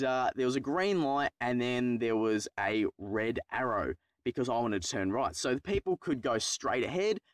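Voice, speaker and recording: This young Australian YouTuber has a mid-range voice, recorded dry, as he rambles through the tale of his driving test. He swears freely and mocks himself throughout this casual storytelling vlog.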